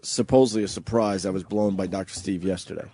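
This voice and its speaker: Low-voiced guy hosting radio, blunt and swearing, teasing the crew. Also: steady tone, fast talker, warm tone. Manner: blunt, profane, mocking. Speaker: radio show host. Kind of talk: casual radio banter.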